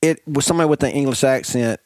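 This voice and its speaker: A man's voice: mid-range voice, fast talker. A man hosting a podcast, joking, laughing often and tripping over his words. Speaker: podcast host. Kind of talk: casual chat. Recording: loud background hiss.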